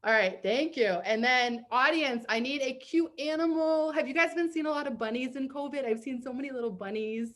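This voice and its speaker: A bubbly woman with a Boston accent hosts a comedy therapy show from a video call, bright in pitch and quick to laugh. She leads a playful word game and reads aloud with gusto. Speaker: host.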